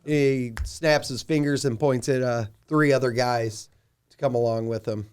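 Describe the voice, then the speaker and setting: A man's voice: medium pitch, fairly even intonation, measured pace, darkish tone, clear, resonant tone. Man, game master, easygoing narration with lots of fillers. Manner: casual, filler-heavy. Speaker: dungeon master.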